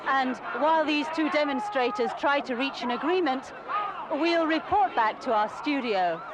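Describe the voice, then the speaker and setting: A TV street reporter with a lively, fairly high voice, measured and clear. A noisy crowd and steady noise fill the background. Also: female voice. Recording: loud crowd and noise behind.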